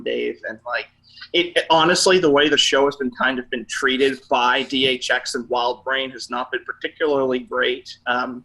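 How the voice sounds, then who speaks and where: Young guy hosting a chat, bright crisp voice, eager and agreeable. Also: mid-range voice, poor audio. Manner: enthusiastic, quick to agree. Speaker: interview host. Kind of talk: casual online interview.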